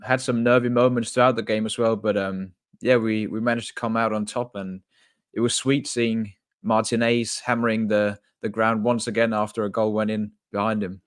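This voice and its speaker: A man on a podcast panel chats in a relaxed, plain-spoken way. His voice is on the low side. The audio is dry and close. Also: no echo. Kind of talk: casual chat.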